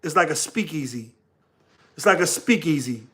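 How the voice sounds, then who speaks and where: A man's voice: a little high, lively intonation, moderate pace, long pauses, a bit bright. A man with a New York accent hosting a casual livestream, laughing often and talking slangily to his chat. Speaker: livestream host.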